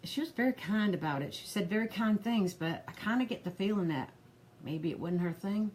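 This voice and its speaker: A fussing, gossiping old granny, put on by a woman rambles along in a folksy drawl. She sounds harried and worn but keeps talking. Her voice sits at an ordinary middle pitch. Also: animated, brisk, darkish tone, a little hiss or hum, natural voice. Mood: chatty. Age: older. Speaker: pearl party host. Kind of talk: comedic character live stream.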